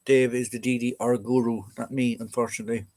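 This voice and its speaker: A young Irish militaria streamer chats casually, joking and rambling as he answers viewer comments out loud. He talks fast in a mid-range, slightly dark voice that barely moves in pitch.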